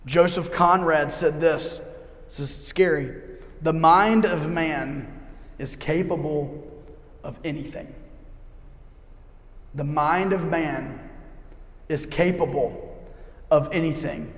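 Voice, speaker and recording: A middle-aged man preaching a sermon as a pastor. He is emphatic and repeats key lines slowly for effect. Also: fairly high pitch. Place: church sanctuary. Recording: echoey hall with long reverb.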